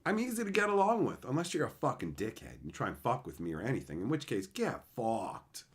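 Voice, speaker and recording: A man's voice: medium pitch, huge pitch swings, brisk. A man streaming and chatting with his viewers, telling blunt, profane stories and laughing as he acts out the people in them. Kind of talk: casual live-stream chat, storytelling.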